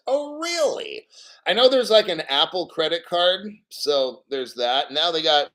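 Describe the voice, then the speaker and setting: A man's voice: on the high side, very animated, measured pace, sharp tone. A man giving casual live commentary on the news, blunt and profane, a little out of breath. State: slightly out of breath.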